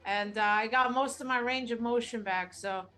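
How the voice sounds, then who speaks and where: A woman speaks with sincere gratitude on a live stream. Her voice is a little high. Faint music plays underneath. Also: steady tone, normal speed, pushed and bright. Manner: sincere, grateful. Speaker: host's girlfriend, guest. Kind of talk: casual live-stream chat.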